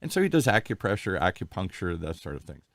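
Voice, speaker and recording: Man, low voice, host, halting with fillers, dry close sound. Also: dry recording. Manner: animated storyteller, halting with fillers. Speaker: podcast host. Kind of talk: casual chat.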